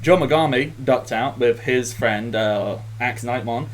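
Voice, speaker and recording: A man with a medium-pitched voice, speaking a little slowly over poor audio, recaps the last session as a tabletop game master. He's easygoing and rambling, full of fillers, and laughs often.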